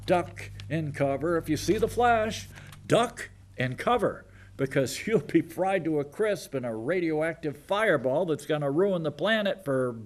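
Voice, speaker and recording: A man's voice: on the high side, a little mellow. A man in his sixties giving sardonic local TV news commentary, mocking and rambling with jokey asides. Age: 60s.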